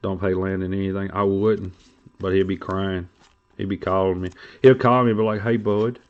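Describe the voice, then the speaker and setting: A man's voice: low-pitched, level tone, brisk, phone-quality sound. A man hosting a trading card stream, rambling and joking crudely in casual chat.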